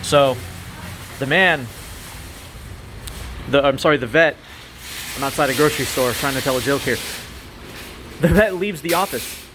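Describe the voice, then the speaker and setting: A man telling a joke in a relaxed, rambling way, full of fillers, outdoors outside a grocery store. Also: mid-range voice, measured pace, long pauses, noisy background. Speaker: joke teller.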